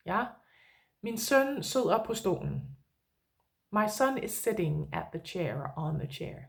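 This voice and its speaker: A woman's voice: on the low side, very animated, vocal fry. A woman with a Danish accent teaching a language lesson for her online channel, explaining in a friendly, patient way. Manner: friendly explanatory, slow and deliberate.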